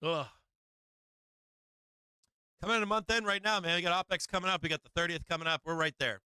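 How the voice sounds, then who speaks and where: A man's voice: high voice, racing, pushed and bright, clean tone, no room sound, poor audio. A man hosting a live market stream, swearing freely, laughing often and repeating himself as he walks through charts. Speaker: market livestream host.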